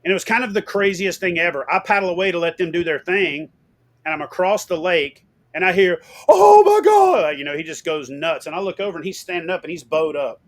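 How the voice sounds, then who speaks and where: A middle-aged man telling fishing stories in a casual interview, animated and swearing, acting out what people said. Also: on the high side, quick pace. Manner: animated, swearing, acts out quotes loudly. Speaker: guest.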